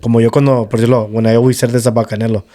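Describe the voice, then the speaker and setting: Bilingual male co-host, mellow tone, loose, profane casual chat. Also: mid-range voice, little pitch movement, rapid-fire. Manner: switches between English and Spanish mid-sentence, swearing freely. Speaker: podcast co-host.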